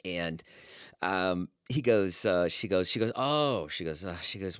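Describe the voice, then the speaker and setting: Podcast co-host, middle-aged man, very low voice, dry close sound, lively storyteller who swears. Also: unhurried, clean tone, no room sound. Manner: animated storyteller, acts out voices, swears freely. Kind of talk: casual chat, storytelling.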